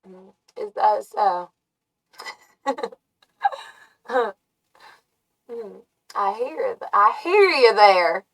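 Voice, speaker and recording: A woman live streaming from a dark room, chatting casually, musing and often laughing or humming to herself. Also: mid-range voice, expressive, very slow, long pauses. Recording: voice from far off the mic.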